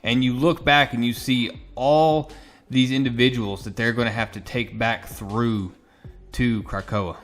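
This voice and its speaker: Guy doing a comic recap, chatty, middle-pitched, quiet music behind. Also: fairly even intonation, unhurried. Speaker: comic book reviewer.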